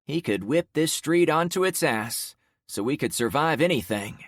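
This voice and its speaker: A woman's voice: low-pitched, animated, normal speed, dry recording, studio quality, pitched above the performer's own voice. A man voicing a grieving widow in a neighborhood crowd, with raised, strained pleading delivery. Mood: insistent.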